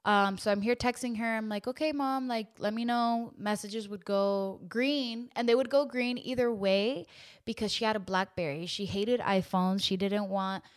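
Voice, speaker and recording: A young woman hosting a podcast, telling a painful personal story in an emotional, halting way with lots of fillers and restarts. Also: mid-range voice, steady tone. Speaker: podcast host.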